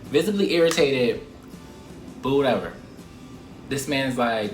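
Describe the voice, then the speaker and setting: A young man vlogging a casual storytime, animated and profane, with laughing asides. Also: mid-range voice, moderate pace, pauses often, soft background music. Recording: roomy echo.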